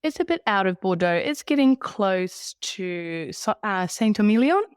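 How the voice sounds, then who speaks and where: A woman's voice: mid-range voice, lively intonation, unhurried, smooth, no room sound, clean studio sound. A middle-aged woman with a New Zealand accent, chatting easily as a podcast guest and laughing often. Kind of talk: casual travel chat.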